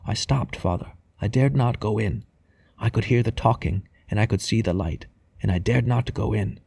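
A man reading an audiobook, voicing a frail, frightened old woman in a hushed, quavering voice. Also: mid-range voice, a little fast, dry recording, pitched above the performer's own voice, lightly acted. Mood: fearful hushed.

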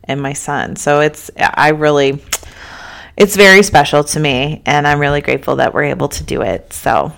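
A woman's voice: sits low, moderate pace, vocal fry, a bit bright. A woman in her thirties hosting a casual solo podcast, tired and chatting in a rambling way that keeps interrupting itself. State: tired, yawning. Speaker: podcast host.

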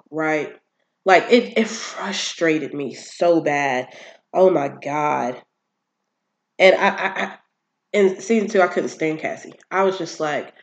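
A person casually recapping a TV series on their own channel, animated and exasperated, with emphatic asides and quick impressions of the characters. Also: medium pitch, lo-fi sound. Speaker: TV show recapper.

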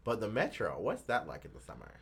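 A man co-hosting a casual chat, playful and teasing, with a husky voice. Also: on the low side, fast talker. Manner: playful and teasing, with lively swings. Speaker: podcast co-host.

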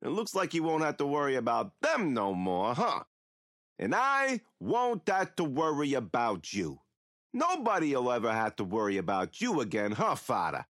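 An actor playing a rambling, mocking killer who taunts a captive priest in an audio drama. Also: male voice, medium pitch, wildly swooping pitch, moderate pace, fairly bright tone, no room sound, studio quality. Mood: taunting.

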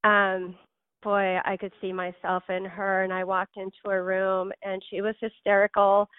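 A woman's voice: medium pitch, monotone, moderate pace, clear, resonant tone, dry recording, narrow, tinny audio. A woman author, a guest on a podcast interview, telling her story in a heartfelt, emotional way.

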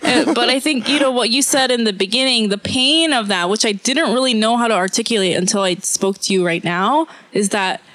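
A woman's voice: fairly high pitch, fairly quick, few pauses, fairly bright tone, dry recording. A woman hosting a podcast in a dry, close-miked sound. She talks in a rambling, emotional way, with laughter breaking through her speech. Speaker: podcast host. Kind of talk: casual interview talk.

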